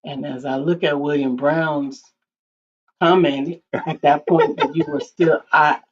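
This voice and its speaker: A woman's voice: sits low, fairly even intonation, measured pace, slight background noise. Thoughtful woman co-host on a lo-fi stream. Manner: thoughtful, quotes scripture. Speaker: podcast co-host. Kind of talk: reflective conversation. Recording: dull lo-fi stream audio.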